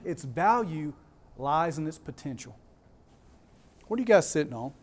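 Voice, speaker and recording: A man's voice: a little high, sing-song, moderate pace. A man with a Southern US accent giving a keynote talk to a live audience, emphatic, repeating key words and putting questions to the crowd. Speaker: conference speaker.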